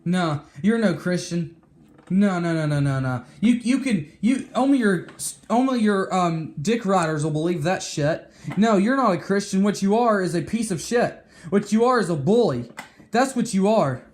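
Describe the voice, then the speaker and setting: Male vlogger, high-pitched, furious profane rant with lots of stammered restarts. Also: expressive, moderate pace. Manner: heated, profane, repeats and restarts words. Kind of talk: angry rant to camera.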